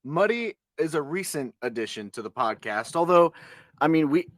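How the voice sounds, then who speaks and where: A man's voice: a little high, lively intonation, normal speed, a bit bright, no echo. A man co-hosting a podcast at home, chatting playfully and coaxing his dog toward the mic. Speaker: podcast co-host. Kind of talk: casual chat. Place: home, on a couch.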